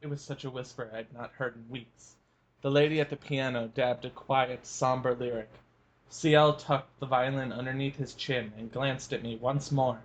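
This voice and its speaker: A man's voice: mid-range voice, steady tone, normal speed. Joking male fanfic review co-host. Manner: joking, laughs often. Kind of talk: casual chat and fanfic reading.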